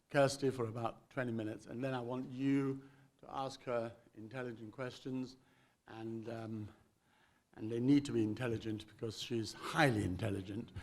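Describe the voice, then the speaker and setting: A man hosting a stage interview, halting often with ums and restarts as he poses questions. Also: medium pitch. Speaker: interviewer, event host.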